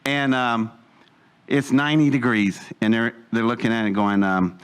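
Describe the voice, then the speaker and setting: A man's voice: mid-range voice, fairly even intonation, moderate pace, clear, resonant tone. Rambling older man spinning a yarn. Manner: rambling, digressive, chuckling asides. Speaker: speaker telling a life story. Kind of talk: anecdotal storytelling to a live audience.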